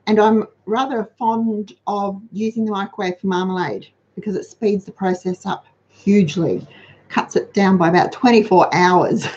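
Chatty woman, mellow voice. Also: medium pitch, dull audio. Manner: chatty, practical, reads out viewer comments. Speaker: host of a money-saving livestream. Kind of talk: casual live chat with viewers.

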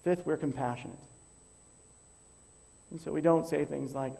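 A man preaching as a pastor, teaching in a measured, emphatic way and counting off numbered points. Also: fairly high pitch, steady tone, gravelly, dark tone. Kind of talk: teaching sermon.

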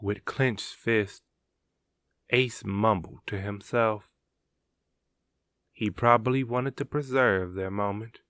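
A man narrating a dramatic story in a measured, unhurried way. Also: fairly low pitch, steady tone, fairly bright tone, no room sound. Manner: slow and measured, gravelly.

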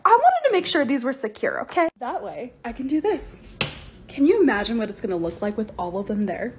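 A bubbly woman talks through her DIY and restock clips with quick, excitable energy. Her voice sits high and swings widely in pitch, and she pokes fun at herself along the way. A faint noise stays under the voice. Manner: bubbly, excitable, self-mocking. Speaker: lifestyle creator. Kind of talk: voice-over for short DIY and restock videos.

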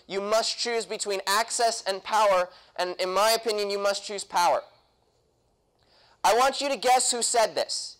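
A man's voice: sits high, a bit bright, smooth, low-quality recording. A young man speaking at a political convention, punchy and quizzing the audience with questions. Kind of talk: political talk to a live audience. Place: convention hall.

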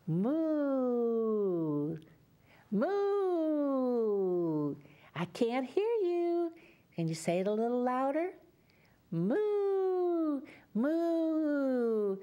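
A woman from Louisiana with a Louisiana accent tells a children's story at story time. Her voice is mellow and swoops up and down in a sing-song lilt as she coaxes little listeners to join in. She takes her time, unhurried and gentle. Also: fairly high pitch, muffled recording. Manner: sing-song, coaxing, speaks to young children.

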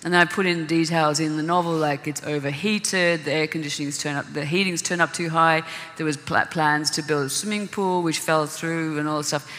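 Woman novelist on a panel, bright-toned, casual, self-correcting, long hall reverb. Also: deep voice, steady tone, brisk, few pauses. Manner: thinking aloud with restarts, laughs readily. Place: conference hall.

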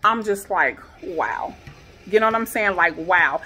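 An upset woman in her thirties recounts a story straight to her viewers. She talks fast and with feeling, her pitch sitting mid-range, and she builds to emotional, near-shouted questions. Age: 30s. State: shaken. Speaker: vlogger. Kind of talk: emotional personal vlog. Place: her home garage.

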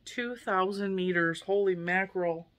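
Here a woman in her forties from the US, a crochet YouTuber, opens yarn gifts sent for her viewers. She talks a little slowly in a medium-pitched, slightly bright voice, chatty and emotional, laughing often.

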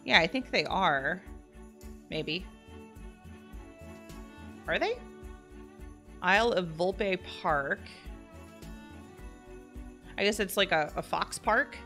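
A woman streaming a life-simulation game, chatting excitedly with her viewers as she plays. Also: fairly low pitch, slow, long pauses, faint music behind. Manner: bubbly, excitable, chatty with chat. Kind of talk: live-streamed game commentary.

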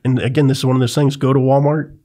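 A man's voice: medium pitch, flat delivery, quick pace, dark tone. A man with a light Southern accent, chatting as a podcast guest in a plain-spoken, practical way. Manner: plain-spoken, practical, repeats "you know what I mean". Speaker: podcast guest, company founder. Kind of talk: casual chat.

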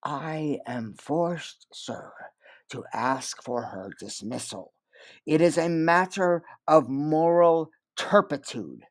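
A man reading aloud, voicing a sly male mill overseer who speaks slowly with false solemn regret. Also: a little high, sing-song, no echo, voice pushed up, exaggerated voice. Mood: oily regret. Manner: slow, solemn, oily.

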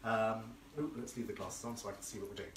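A man's voice: on the low side, steady tone, fast, recorded from a distance, background noise. Chatty camp male host, cooking demo, echoey kitchen a bit off-mic, dishes clinking behind. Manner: camp, effusive, chatty, reads out viewer comments. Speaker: florist hosting a live cooking stream. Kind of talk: casual live cooking demo. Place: home kitchen. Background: clinking cutlery and dishes.

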